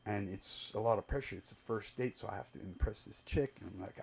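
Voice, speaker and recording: A man's voice: on the low side, steady tone, normal speed, gravelly, a little mellow. A man doing a stand-up set at an open mic, telling rambling, profane stories full of fillers and restarts. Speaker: stand-up comedian. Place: live comedy club stage.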